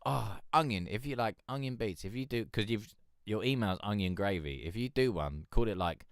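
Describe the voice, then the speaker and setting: A man's voice: fairly low pitch, brisk, smooth, no echo, clean studio sound. A man hosting a music review stream, rambling and joking in casual chat. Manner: rambling, joking, swears, laughs a lot.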